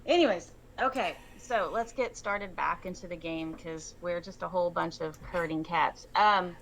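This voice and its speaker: A woman's voice: fairly low pitch, moderate pace, a bit bright, poor audio. A woman chatting casually as she runs a tabletop game, rambling and laughing. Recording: faint background noise.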